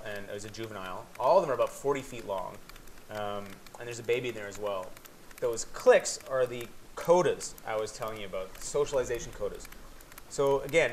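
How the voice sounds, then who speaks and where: A man's voice: mid-range voice, a little hiss or hum. A man from Canada giving a live presentation to an audience, earnest and searching, with many restarts.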